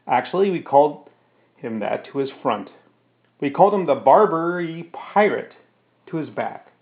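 A man narrating a first-person story, later explaining it casually with fillers. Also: a little high. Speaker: storyteller reading his own story. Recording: narrow phone-like sound.

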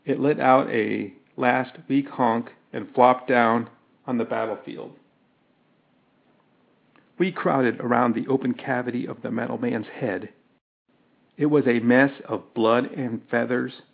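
Man reading a story aloud, real slow, tinny phone-like sound. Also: medium pitch, steady tone, gravelly. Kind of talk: audiobook narration.

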